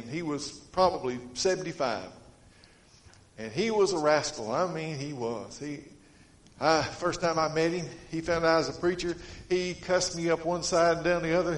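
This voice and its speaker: A man preaching a sermon, his voice a bit higher than most men's. He tells folksy stories, swinging from emphatic to hushed. The sound is roomy and echoey, like a church.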